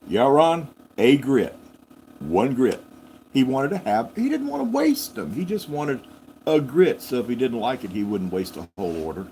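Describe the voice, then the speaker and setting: A man's voice: medium pitch, wildly swooping pitch, moderate pace, warm tone, slight background noise, rough recording. A man, hosting a live farm stream and telling a rambling, folksy story that he corrects as he goes. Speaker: farm channel host.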